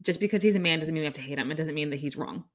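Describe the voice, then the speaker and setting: Deep-voiced and racing along, a young woman hosts her own podcast solo. She rambles casually with an incredulous air, restarting often.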